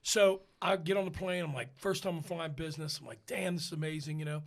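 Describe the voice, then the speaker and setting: An American opera tenor co-hosts a podcast, telling a casual story in a slightly high, somewhat quick, creaky voice. He's an animated storyteller who acts out the people he quotes.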